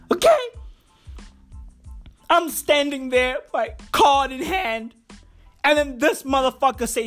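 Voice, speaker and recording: Brash woman comic, high lively voice, swaggering expletive-heavy rant. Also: slow, long pauses, soft background music. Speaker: comedian.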